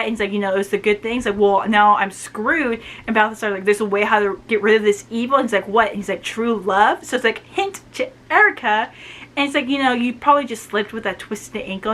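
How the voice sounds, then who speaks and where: A woman casually recapping a novel's plot, retelling scenes with quick asides and quoted dialogue. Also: a little high, sharp tone. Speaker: book reviewer.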